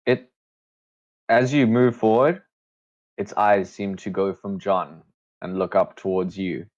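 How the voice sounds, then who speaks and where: Deep voiced guy running a tabletop game, slow hushed narration, kinda muffled lo-fi sound. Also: steady tone. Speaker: game master.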